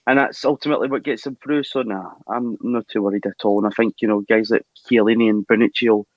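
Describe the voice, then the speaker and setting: A man co-hosting a casual football podcast, calm and unworried in his talk. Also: lowish voice, fast, dry recording, dull audio. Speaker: podcast co-host.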